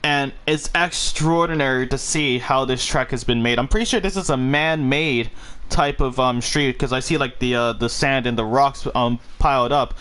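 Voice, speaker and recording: A man commentating a live sim racing league, excitable and quick to get swept up in the action. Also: medium pitch, smooth. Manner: excitable, gets swept up and laughs at busy moments. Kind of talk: live esports race commentary.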